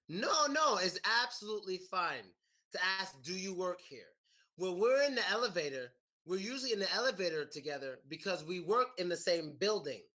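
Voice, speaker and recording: An American man teaching a class, animated and repeating his questions to the students. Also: sits high, moderate pace. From United States. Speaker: English teacher. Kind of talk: classroom lesson.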